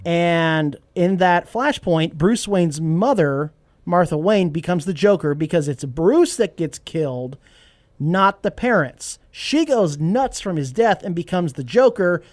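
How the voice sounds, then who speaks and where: A man hosting a podcast in casual chat, animated and joking, reading an ad read along the way. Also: a little high, measured pace, dry recording. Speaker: podcast host.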